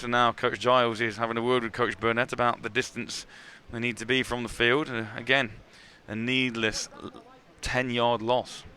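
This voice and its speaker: A man calling live American football play-by-play, brisk and excitable at big plays. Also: medium pitch, slight background noise. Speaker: play-by-play commentator. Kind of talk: live sports commentary.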